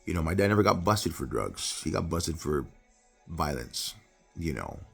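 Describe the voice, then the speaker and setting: Middle-aged male preacher, gravelly, earnest, swings from forceful to hushed. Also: big pitch swings, normal speed, faint music behind. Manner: earnest and personal, swings from loud emphasis to low, quiet confession. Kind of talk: devotional Bible talk.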